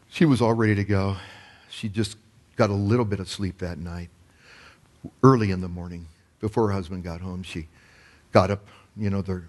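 Pastor, male, low voice, storytelling sermon with emphatic swells. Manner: storytelling sermon, rising to loud emphatic peaks.

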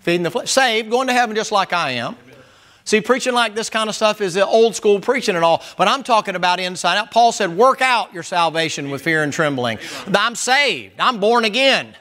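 High, bright-voiced preacher man. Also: a little fast. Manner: loud, emphatic, hollering at times. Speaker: pastor. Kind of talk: sermon.

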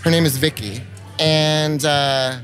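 A man, a musician guest, telling stories at a trade-show podcast in an expressive, profane way, acting out the quoted lines. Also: on the high side, slow pace, clear, resonant tone, soft background music. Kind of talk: animated anecdote-telling in an interview.

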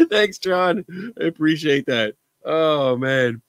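A man hosts a live show, chatting loosely and poking fun at himself. His pitch swings widely as he jokes along. The sound is dry and close, with no room around it. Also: lively intonation, slow, clean tone, no echo. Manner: joking, self-deprecating, chatty. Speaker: host of a live call-in show. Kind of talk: casual livestream chat.

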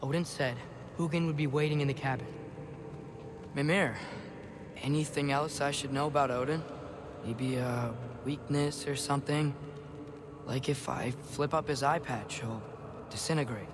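A man's voice: mid-range voice, steady tone, moderate pace, noisy background, natural voice. A man voicing an earnest teenage boy, the son of a god, speaking in an eager, determined way. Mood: curious.

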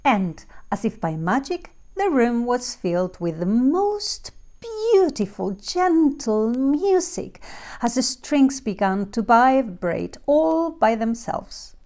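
A woman reading a fairy tale aloud slowly and clearly for learners of English. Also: on the high side, sing-song, darkish tone. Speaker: storyteller. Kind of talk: storybook narration for English learners.

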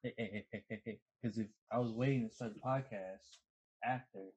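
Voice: mid-range voice, steady tone, a little fast, darkish tone, dull audio. A person chatting casually with friends in a teasing, bossy way, breaking off to scold a child. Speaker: podcast co-host. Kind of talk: casual chat.

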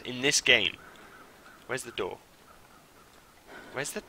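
A young man streaming a game live, who swings from mumbled asides to loud, panicky shouts. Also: medium pitch, slow pace, a little hiss or hum. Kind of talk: live gameplay commentary.

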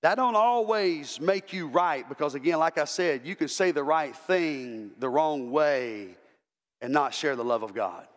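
A man's voice: a little high, lively intonation, a little slow, big-room sound. A male pastor preaching an impassioned sermon, repeating words as he builds to emphatic calls. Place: church sanctuary.

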